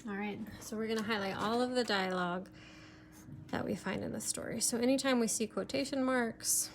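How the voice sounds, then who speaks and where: A woman's voice: fairly high pitch, brisk, slight background noise. A woman teacher giving a recorded remote lesson, explaining step by step with many fillers, sometimes turned away from her computer mic.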